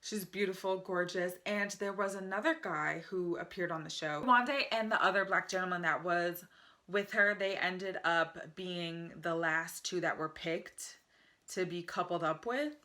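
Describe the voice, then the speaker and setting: A woman's voice: lowish voice, measured pace, pushed and bright. A young American woman vlogging casually at home, chatty and enthusiastic, often laughing as she talks to the camera. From United States. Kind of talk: casual vlog review.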